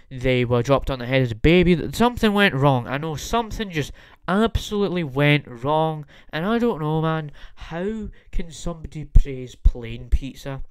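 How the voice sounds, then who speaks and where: A man's voice: mid-range voice, smooth, no room sound, clean studio sound. A young man hosting a comedy podcast, ranting in an exaggerated, theatrical way and repeating lines for effect. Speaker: podcast host. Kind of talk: comedic rant.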